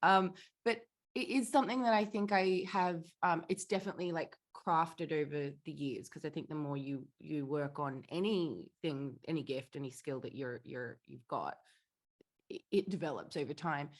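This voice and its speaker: A woman's voice: low-pitched, moderate pace. A jet-lagged woman with an Australian accent, a spiritual writer talking in a laid-back, rambling way. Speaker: guest, spiritual teacher and writer. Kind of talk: casual interview chat.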